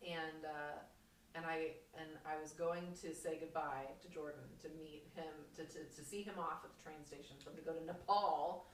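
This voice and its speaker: A woman with a very low voice, chatting as a podcast guest and telling stories in an animated, rambling way full of restarts. She sounds roomy and far from the mic, with faint kitchen ambience behind her. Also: normal speed, slight background noise. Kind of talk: casual chat, storytelling. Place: home kitchen.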